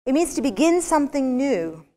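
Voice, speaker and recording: A woman's voice: high voice, very animated, moderate pace, dark tone. A woman giving a university business lecture, telling stories with energy and throwing rhetorical questions at the audience. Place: large lecture hall. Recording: long reverb of a lecture hall.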